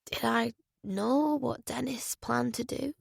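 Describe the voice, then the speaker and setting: A woman reading a fragile young amnesiac hospital patient in an audiobook, with a soft, hushed voice. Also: on the high side, slow, creaky, breathy edge, dry recording, clean studio sound, heavily acted. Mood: distressed.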